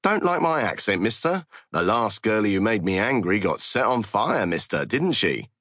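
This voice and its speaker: A man reading an audiobook, voicing a crude male podcast host who puts on a high, leering fake Cockney schoolgirl voice. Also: big pitch swings, normal speed, a bit bright, no room sound, clean studio sound. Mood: leering, mocking. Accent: put-on Cockney. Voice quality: high mocking falsetto, leering.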